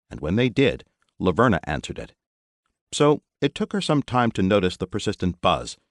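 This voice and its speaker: Brief: expressive male audiobook narrator, deep and animated, dry studio read. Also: no room sound. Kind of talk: scripted narration.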